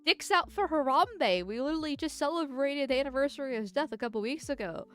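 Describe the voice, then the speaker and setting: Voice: high voice, lively intonation, fast, fairly bright tone, soft background music. A political vtuber streamer chatting casually and reading chat, speaking through a voice changer in a rambling, giggly way. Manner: rambling and giggly, with frequent restarts.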